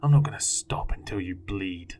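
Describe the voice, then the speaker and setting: Angry foster dad shouting and snarling, deep voice, guy doing it. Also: moderate pace, a little hiss or hum. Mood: furious. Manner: roaring, snarling threats. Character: violent, raging foster father, middle-aged man.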